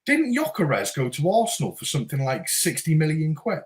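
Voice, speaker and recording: Man, animated pitch, stammering starts, casual football chat. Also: normal speed. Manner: laughs often, stammers on starts. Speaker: podcast co-host.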